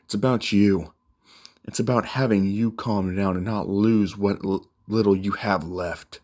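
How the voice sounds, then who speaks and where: A man's voice: fairly low pitch, fairly even intonation, measured pace, darkish tone, slight background noise, close to an everyday voice. A man voicing a brash, foul-mouthed young male hero who talks bluntly and confrontationally in a fan-made story. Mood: scolding.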